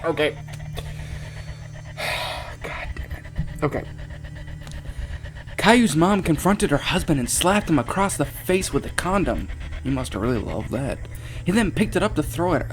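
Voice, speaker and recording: A man's voice: medium pitch, lively intonation, normal speed, faint music behind. A man reading a creepypasta aloud and breaking off into profane, exclaiming reactions and laughter. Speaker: creepypasta narrator and commentator. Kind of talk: reading a story with reaction commentary.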